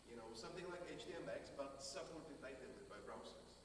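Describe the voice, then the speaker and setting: A man's voice: mid-range voice, lively intonation, fast talker. A man in the audience sharing news at a meetup, speaking hesitantly with frequent restarts. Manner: rambling, hesitant, restarts sentences. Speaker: audience member. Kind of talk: comment from the floor at a meetup. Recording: distant, echoey hall with clear noise.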